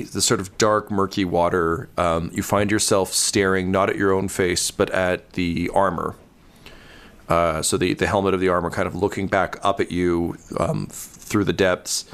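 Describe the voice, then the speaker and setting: A man narrating a tabletop role-playing game as game master, halting with many ums and uhs. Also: low voice, fairly even intonation, fairly bright tone, clear, resonant tone.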